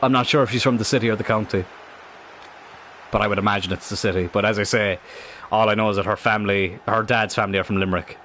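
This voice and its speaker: Rambling Irish streamer from Cork. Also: male voice, fairly low pitch, steady tone, fast talker, fairly bright tone, a little hiss or hum. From Ireland. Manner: rambling, self-correcting. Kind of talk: casual gaming stream chat.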